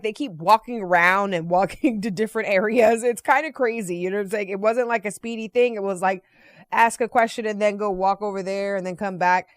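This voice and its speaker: A woman vlogger telling a casual anecdote in an animated, chatty way, often checking in with "right?" and "you know.". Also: medium pitch, dry recording, clean studio sound. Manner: playfully profane.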